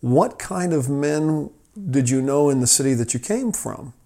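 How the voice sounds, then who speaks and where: A man voicing a calm wise old man at a city gate, answering each traveler slowly with a gentle question of his own. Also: medium pitch. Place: office.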